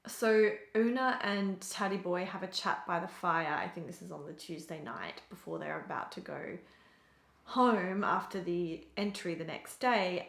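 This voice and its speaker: A woman's voice: medium pitch, vocal fry, roomy sound. A woman giving a casual spoken book review, chatty and full of fillers, often laughing at her own remarks.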